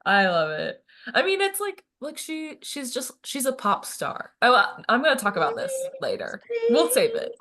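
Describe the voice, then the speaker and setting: A woman co-hosting a podcast in casual chat, animated and gushing, laughing often. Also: high-pitched, moderate pace, hardly any pauses. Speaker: podcast co-host.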